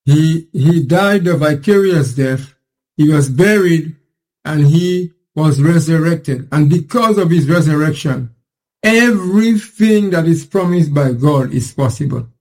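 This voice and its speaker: A man with a slightly high voice answers in a Bible study discussion. He opens by questioning the premise, then works through his points one by one. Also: a little slow, darkish tone, low-quality recording.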